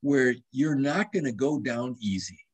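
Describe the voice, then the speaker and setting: A husky older man in his seventies talks casually as a guest doctor. He tells lively stories, restarts his sentences and quotes himself as he goes. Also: mid-range voice, a little slow. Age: 70s. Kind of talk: casual interview conversation.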